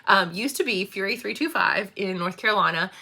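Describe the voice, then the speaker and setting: A woman's voice: mid-range voice, animated, a little fast, creaky, sharp tone. A woman, chatting casually about books and laughing often. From Kentucky, USA. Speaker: school librarian and book vlogger. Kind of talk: casual chat.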